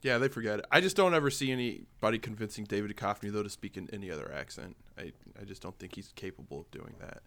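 A man with a low but bright, forceful voice chats on a podcast. He talks fast and with emphasis, piling up his points. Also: creaky. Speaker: podcast co-host. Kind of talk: casual chat.

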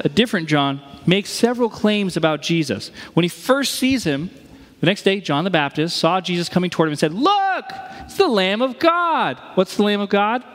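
Posing rhetorical questions to the congregation, a pastor delivers his sermon in a conversational way. His voice sits high, and a long reverb tail follows it.

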